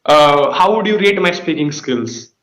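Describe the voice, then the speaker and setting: A young man with a high voice, asking polite questions and tacking "sir" and "like" onto his sentences. The room around him is echoey and roomy. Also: lively intonation, unhurried, fairly bright tone. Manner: polite, calls the other "sir", uses many fillers like "like". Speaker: student interviewer. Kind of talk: conversational interview.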